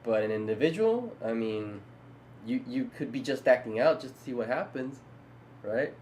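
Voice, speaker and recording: A man's voice: medium pitch, animated, normal speed, darkish tone, a little hiss or hum, low-quality recording. A man co-hosting a podcast, talking in a loose casual chat with many restarts and laughs between thoughts. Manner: rambling, frequent restarts, laughs while talking. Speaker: podcast co-host.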